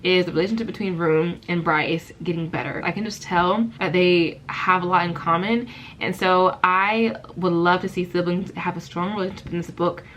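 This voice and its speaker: A young woman in a casual reading vlog, talking emotionally and excitedly about a book at home, tearful at times. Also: on the low side, moderate pace, a little hiss or hum. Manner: animated, emotional, exclamatory. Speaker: book vlogger.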